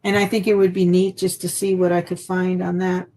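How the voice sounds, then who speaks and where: A woman's voice: flat delivery, brisk, darkish tone, rough recording. A woman hosting a casual craft live stream from home, chatty and friendly. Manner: chatty, breaks into high baby talk with her dog. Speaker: craft channel host.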